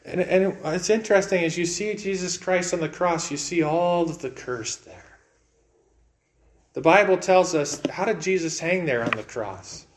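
A man preaching a sermon in an earnest way, repeating words and swinging between raised and hushed delivery. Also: high-pitched, moderate pace.

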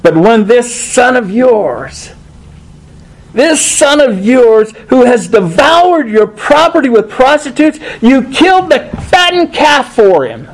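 A man's voice: very high voice, big pitch swings, slow pace, voice pushed up, exaggerated voice, low-quality recording. A man voicing a resentful older brother, a young man complaining indignantly to his father.

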